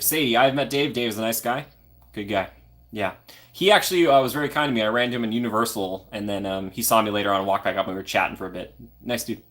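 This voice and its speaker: A man's voice: mid-range voice, a bit bright. A young man from Minnesota hosting a casual live stream, chatting and answering viewer comments by name. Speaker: livestream host.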